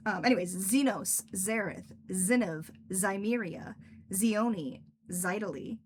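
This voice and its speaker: Chatty woman streamer, mid pitch. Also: measured pace, slight background noise. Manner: chatty, lots of filler "like". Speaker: author and stream host. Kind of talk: casual livestream chat.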